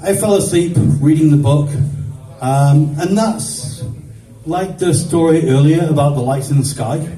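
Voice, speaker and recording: A man doing stand-up, telling a rambling childhood story with lots of swearing and quick voices for the people in it. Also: a little high, warm tone, far from the mic. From grew up in the 1970s. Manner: swearing, rambling anecdotal delivery with voiced characters. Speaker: stand-up comedian. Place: stage at a comedy show. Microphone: phone filming from the audience. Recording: roomy phone recording from afar.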